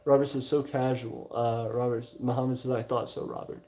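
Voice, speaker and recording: A man with a Southern US drawl reads his livestream chat aloud in a relaxed, mellow voice. He stumbles through it with frequent fillers and mild exclamations, keeping it casual. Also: mid-range voice, brisk. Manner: hesitant, many "uh" fillers, reacts with mild exclamations. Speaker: livestream host. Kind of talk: casual chat reading viewer messages aloud.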